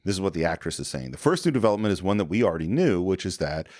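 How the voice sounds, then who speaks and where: A man's voice: deep voice, big pitch swings, very fast, darkish tone, dry recording, clean studio sound. A man co-hosting a podcast in casual chat, retelling film scenes and slipping into the characters' lines. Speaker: podcast co-host.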